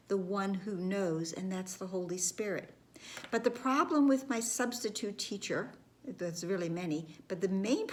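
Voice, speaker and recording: A woman giving a reflective spiritual lesson, speaking gently with repeated phrases and some words dropped to a whisper. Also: on the low side. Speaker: spiritual course teacher.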